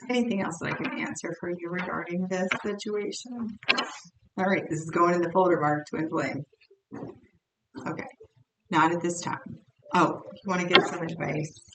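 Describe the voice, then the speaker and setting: A woman's voice: lowish voice, fairly even intonation, moderate pace, vocal fry, long pauses. A woman giving a tarot card reading in a blunt, chatty way, often repeating herself. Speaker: tarot reader. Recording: roomy echo, distant mic, faint noise.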